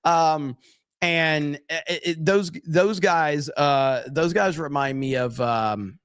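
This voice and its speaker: A man's voice: a little high, slow, a bit bright, smooth, no room sound, studio quality. A man commenting casually and bluntly on a live stream, cursing freely and reading viewer comments aloud. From USA.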